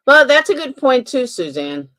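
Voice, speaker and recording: A woman's voice: high-pitched, very animated, normal speed, fairly bright tone. A woman hosting a commentary stream, giving emphatic, opinionated reactions in a casual way. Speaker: commentary channel host.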